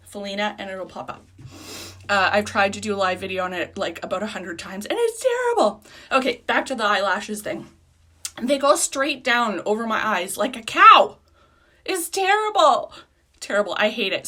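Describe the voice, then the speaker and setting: A woman's voice: mid-range voice, a bit bright. A woman giving a casual live makeup tutorial as a beauty product consultant, chatty, rambling and self-deprecating.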